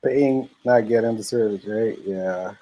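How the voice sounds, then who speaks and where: A man's voice: fairly low pitch, a little slow, highs cut off. A man on a video call, laid-back, giving short easygoing replies. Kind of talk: casual group video chat.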